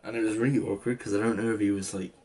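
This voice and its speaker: A man's voice: lowish voice, fairly even intonation, rapid-fire, darkish tone. A young man in his late teens with an English accent, rambling through a casual story with lots of "like" and restarts. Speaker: vlogger.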